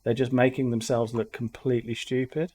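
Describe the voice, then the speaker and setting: A man's voice: medium pitch, little pitch movement, fairly quick, warm tone. A man from England with a light Black Country accent, hosting a reaction video in a rambling, exasperated way. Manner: rambling, exasperated, repeats words. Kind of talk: casual commentary.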